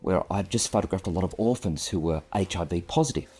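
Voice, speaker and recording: A man's voice: sits low, quick pace, mellow, faint music behind. A man in his fifties, a photographer, tells a personal story in an earnest, reflective and self-deprecating way, speaking into a clip-on microphone.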